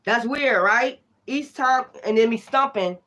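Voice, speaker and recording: An animated tarot reader talking through a spiritual reading in a loose, casual way. The delivery is full of profane slang and frequent bursts of laughter. The energy stays lively and unfiltered. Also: medium pitch, unhurried.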